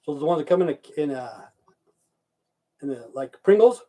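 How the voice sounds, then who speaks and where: A man's voice: on the high side, animated, moderate pace, warm tone. A man from Idaho hosting a live stream, chatting casually, swearing often and answering viewers' chat messages aloud. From Idaho, USA.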